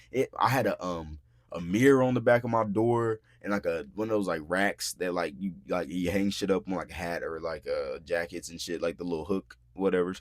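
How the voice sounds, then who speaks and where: A young man hosting a podcast, telling a story in casual, profane talk, acting out quotes loudly and filling his speech with "bro" and "like". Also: low voice, no room sound, studio quality. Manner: frequent filler words like "bro" and "like". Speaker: podcast host. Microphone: podcast mic.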